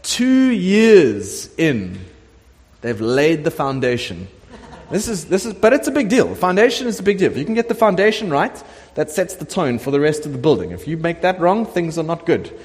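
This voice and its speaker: A middle-aged man preaches to his church with a slightly high voice, and a long hall reverb trails behind his words. He tells the story in an animated way and slips into the voices of the characters as he goes. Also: normal speed. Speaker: pastor. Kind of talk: sermon. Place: church sanctuary.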